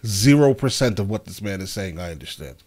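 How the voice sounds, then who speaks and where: A man's voice: sits low, a little fast. A man hosting a reaction video, commenting casually and expressively with disbelief. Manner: expressive, incredulous.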